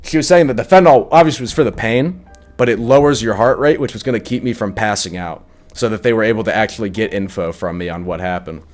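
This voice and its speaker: A man's voice: lowish voice, quick pace, darkish tone, soft background music. A young man telling a personal story in a casual vlog, swearing often and filling it with likes. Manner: casual, profane, full of likes.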